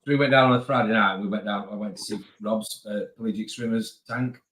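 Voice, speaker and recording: A man hosting a casual live stream, chatting quickly and greeting viewers by name. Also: fairly low pitch, a bit bright, husky. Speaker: host.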